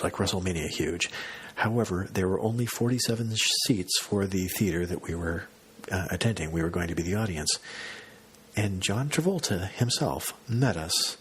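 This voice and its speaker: A man's voice: deep voice, animated, normal speed, a little hiss or hum. A man hosting a podcast, telling a long story in a casual, self-mocking monologue. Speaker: podcast host.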